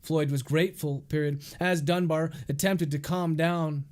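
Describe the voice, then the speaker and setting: A man's voice: on the high side, steady tone, moderate pace, darkish tone. A male author dictating his novel aloud on a livestream, speaking each punctuation mark as he goes.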